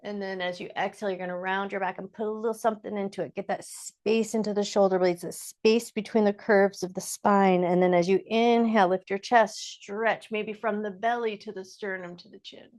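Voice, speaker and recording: Calm woman cueing chair yoga. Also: medium pitch, a little fast, hardly any pauses. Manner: calm, gentle step-by-step cueing; casual, with fillers like "like" and "just". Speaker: yoga instructor. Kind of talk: guided chair yoga class.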